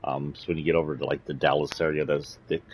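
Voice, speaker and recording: Deep-voiced man ranting with a slight Southern twang. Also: flat delivery, fast, low-quality recording. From San Antonio, Texas. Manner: blunt and indignant, emphatic. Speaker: streamer. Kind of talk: political rant on a livestream.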